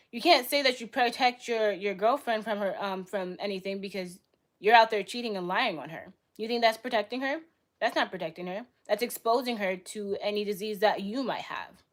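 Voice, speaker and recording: A young woman hosting a live stream, arguing bluntly with her chat in rapid-fire retorts. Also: mid-range voice, fairly bright tone. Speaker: livestream host.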